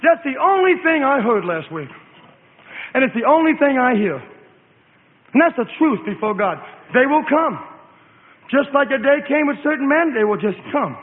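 A man preaching a sermon, rambling and fervent, swinging between hushed asides and shouts. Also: very high-pitched, very animated, moderate pace, pauses often. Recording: echoey hall on a tinny phone-like line.

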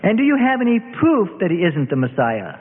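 A man voicing a measured, pointed councilman. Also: sits high, wildly swooping pitch, slight background noise, voice pushed up. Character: calm male councilman, sharp questioner. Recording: tinny, reverberant phone-like audio.

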